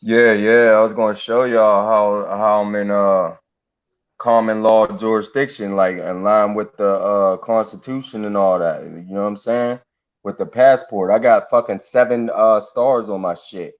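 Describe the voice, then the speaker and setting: A man with a lowish voice rambles through a casual online group chat, trailing off into fillers while he fiddles with something. The call audio is muffled and lo-fi. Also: fairly even intonation, unhurried. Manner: rambling, distracted, many fillers. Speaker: guest.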